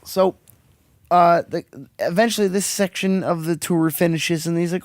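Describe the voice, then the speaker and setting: A man's voice: a little high, fairly even intonation, moderate pace, darkish tone, no echo, clean studio sound. A young man hosting a casual podcast, a profane, rambling storyteller who acts out the quotes. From Canada. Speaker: podcast host.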